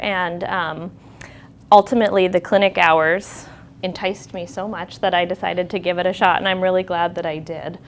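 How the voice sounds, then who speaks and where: A woman with a fairly low voice speaks as a nurse in front of an audience. Her delivery is candid and conversational, reflective as she tells stories about her work in a presentation room. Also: steady tone, normal speed, a little hiss or hum. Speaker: nurse at a fertility clinic.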